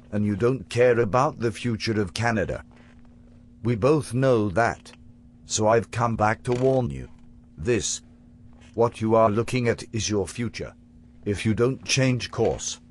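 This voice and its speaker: A man putting on a raspy, slow-talking clown with a British accent. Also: on the low side, slight background noise. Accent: put-on British. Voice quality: raspy from smoking. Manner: slow, pompous, lecturing. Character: drunk chain-smoking future clown, older man, British put-on. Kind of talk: comedy sketch acting.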